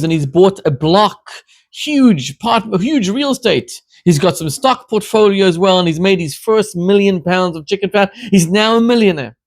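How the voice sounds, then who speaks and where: A man, a rabbi, delivering a sermon as an animated storyteller who builds to emphatic questions. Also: high voice, no room sound.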